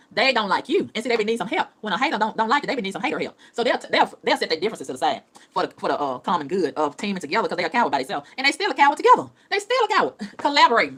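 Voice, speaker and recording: A woman's voice: mid-range voice, a bit bright. A woman ranting in a profane, heated vlog monologue, repeating phrases as she goes. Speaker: vlogger.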